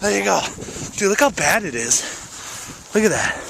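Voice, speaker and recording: A young man vlogging outdoors in deep snow on a handheld camera, excitable and breathless. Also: moderate pace, creaky. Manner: excitable, shouting and exclaiming in bursts. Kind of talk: casual vlog to camera. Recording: wind and snow noise outdoors. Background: blizzard wind noise.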